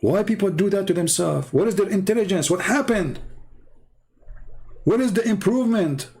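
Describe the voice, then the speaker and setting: A man's voice: sits high, lively intonation, moderate pace, darkish tone. A man giving a mocking, emphatic monologue full of rhetorical questions. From Arab Middle East. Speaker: online commentator. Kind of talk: sarcastic monologue to camera.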